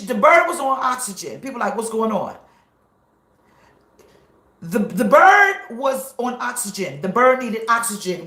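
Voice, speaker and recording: A woman pastor live-streaming from her car, shouting high-energy greetings to her viewers. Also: echoey room.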